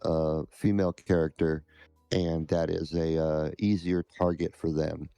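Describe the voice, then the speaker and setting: A man with a very low, mellow voice answers interview questions slowly and haltingly. His tone is smooth and resonant, and it is recorded dry and close. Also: little pitch movement, no room sound, faint music behind. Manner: halting, measured. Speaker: scam-baiting streamer, guest.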